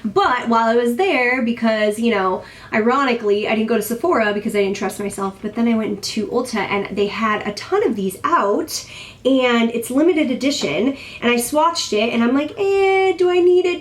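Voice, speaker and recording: Chatty, self-deprecating woman vlogger. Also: fairly high pitch. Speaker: beauty vlogger. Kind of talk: casual product review.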